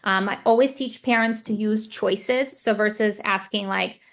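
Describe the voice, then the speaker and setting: Woman, speech therapist, parent training, example-driven explanation, frequent fillers, mid pitch. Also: steady tone, measured pace, a bit bright. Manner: explanatory, repeats points with example scenarios. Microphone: video call.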